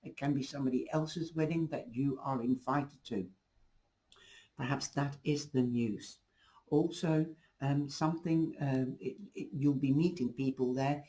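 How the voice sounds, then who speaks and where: A man's voice: medium pitch, steady tone, measured pace, warm tone, rough recording. A man giving a casual, rambling tarot reading to camera, losing his voice. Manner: rambling, reassuring, restarts often. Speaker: tarot reader.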